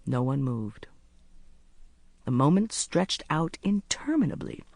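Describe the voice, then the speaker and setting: An audiobook narrator reading a mystery novel in a measured, expressive storytelling manner, close to the microphone. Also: mid-range voice, vocal fry, no echo.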